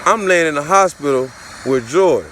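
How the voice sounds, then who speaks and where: A man telling a personal story in a loose, conversational way, full of curses and repeated phrases. His voice is pitched a little high for a man and rises and falls a lot. Faint traffic noise hums in the background. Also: animated, normal speed, a bit bright. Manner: repetitive, profane, conversational. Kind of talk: casual storytelling to camera.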